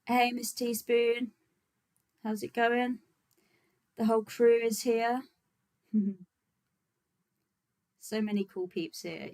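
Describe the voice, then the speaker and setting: Relaxed chatty woman livestreaming. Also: fairly high pitch, slow pace, long pauses, rough recording. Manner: chatty and relaxed, many fillers, frequent laughs. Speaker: vegan activist livestream host. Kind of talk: casual livestream chat with viewers.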